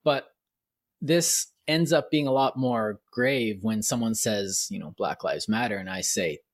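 Canadian guy chatting, animated, does little voices for quotes, dry close mic. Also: lowish voice, measured pace, no echo. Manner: animated storytelling, acts out quoted voices, laughs often. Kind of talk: casual chat.

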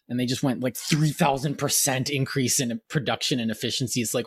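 A Canadian man in casual chat, telling animated stories, acting out quoted voices and laughing often. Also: mid-range voice, fairly quick, hardly any pauses, breathy edge, no room sound, clean studio sound.

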